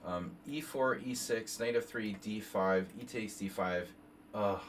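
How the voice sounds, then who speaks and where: A man in his fifties streams casual live chess analysis, reading moves aloud and wandering off on tangents. He speaks at a measured pace in a lowish voice; the mic is slightly distant, with faint background noise.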